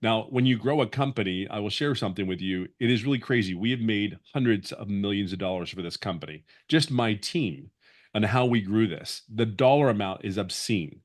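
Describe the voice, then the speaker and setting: A man in his 50s appears as a webinar guest, giving a personal testimonial in a lowish, brisk voice. He's earnest but rambling, restarting his sentences many times.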